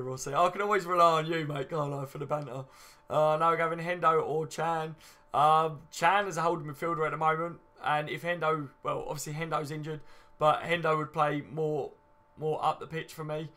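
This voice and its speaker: A man's voice: a little high, pushed and bright. A man hosting a casual live stream, chatting and reading out viewer comments with easy banter. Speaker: fan channel host.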